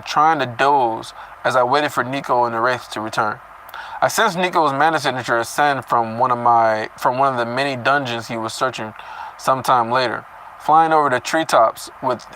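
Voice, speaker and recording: A man's voice: medium pitch, a bit bright, slight background noise, low-quality recording. A man reading a story chapter aloud and breaking off into casual, profane comments on it. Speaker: reader reacting to a novel chapter.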